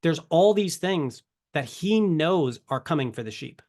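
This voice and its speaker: A man's voice: fairly high pitch, expressive, a little slow, a little mellow. Conversational man teaching scripture. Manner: conversational, rhetorical questions, self-corrections. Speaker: ministry teacher. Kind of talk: casual Bible teaching to camera.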